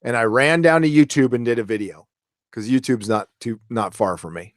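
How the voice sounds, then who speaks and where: A man's voice: medium pitch, moderate pace, dry recording, studio quality. A man hosting a live stream, reading viewer comments in casual, rambling chat and swearing now and then.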